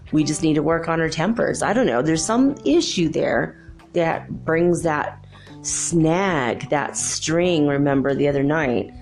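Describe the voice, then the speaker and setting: This deep, creaky, somewhat mellow voice belongs to a middle-aged woman from the United States. Hosting a spiritual podcast in a casual way, she wanders through stories and laughs frequently.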